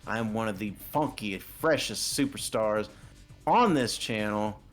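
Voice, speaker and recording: A man's voice: fairly low pitch, lively intonation, a little slow, soft background music. A man voicing a boastful, glamorous female wrestling champion with a disco gimmick, delivering defiant trash talk. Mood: defiant boasting.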